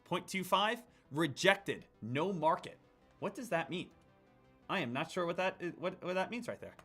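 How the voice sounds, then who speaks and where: A man giving live day-trading commentary, excitable, jumping between loud hype and quiet muttering. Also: high-pitched, moderate pace, slightly rough, soft background music. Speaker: day trader streaming his trades.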